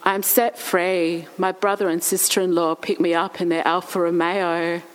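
A young woman calmly telling her own story in plain, matter-of-fact sentences. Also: lowish voice, normal speed, clean tone, big-room sound, poor audio. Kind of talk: first-person spoken narrative.

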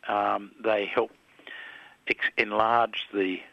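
Older Aussie man, low crisp voice, dry dull radio sound, reflective guest. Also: little pitch movement, takes it slowly, sharp tone, no room sound. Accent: Australian. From Australia. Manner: thoughtful, with hesitations and restarts. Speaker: interview guest, filmmaker.

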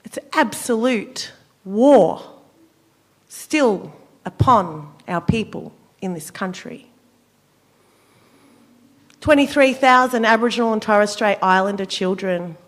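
An Australian woman, a senator, giving an impassioned political speech at a forum, measured and emphatic with a cutting, sarcastic edge. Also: medium pitch. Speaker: senator speaking at a public forum.

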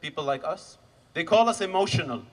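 Fiery young man shouting at a rally. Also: fairly high pitch, lively intonation, a little fast, in a large hall, poor audio. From Gaza, Palestine. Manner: fiery, swings from quiet grief to shouting. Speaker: rally speaker. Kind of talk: impassioned protest speech. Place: outdoor rally in a park.

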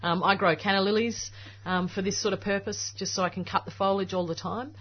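A woman's voice: medium pitch, steady tone, brisk, husky. Chatty woman on radio. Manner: chatty, laughs easily, trails off with ums. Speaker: gardening panelist. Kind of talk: casual radio talkback chat. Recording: slightly dull broadcast sound.

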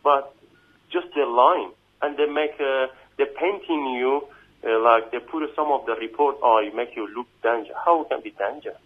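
A man whose first language is not English, speaking in a halting, emotional way on a phone interview, with many restarts and repeated "you know what I mean". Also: mid-range voice. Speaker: immigration detainee giving an interview. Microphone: phone call. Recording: tinny phone line.

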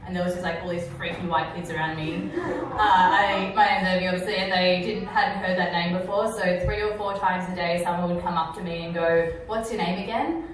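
A woman's voice: on the low side, little pitch movement, a little hiss or hum. Woman doing stand-up in an echoey room. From India. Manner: playful, quick asides, jokey self-mockery. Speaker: stand-up comedian. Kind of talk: stand-up comedy set. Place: comedy venue on stage. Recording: roomy echoing venue, mic far off. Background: audience laughter.

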